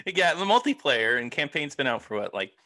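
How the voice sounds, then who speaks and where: A man co-hosting a casual podcast chat, with a bright, sharp tone and a lively pitch that swings widely. He reacts quickly and laughs easily. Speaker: podcast co-host.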